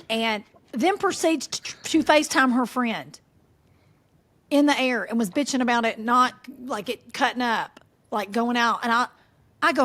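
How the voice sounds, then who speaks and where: Animated woman telling stories. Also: on the high side, normal speed. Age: middle-aged. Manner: animated storyteller, laughs often, folksy southern phrasing. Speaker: podcast co-host. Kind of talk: casual chat.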